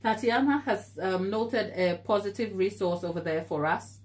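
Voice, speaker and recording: A woman in the middle of a live baking stream, chatting in an earnest, encouraging way. She laughs easily and answers viewers' comments as she goes. Her voice sits at a middling pitch. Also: moderate pace. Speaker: baking show host.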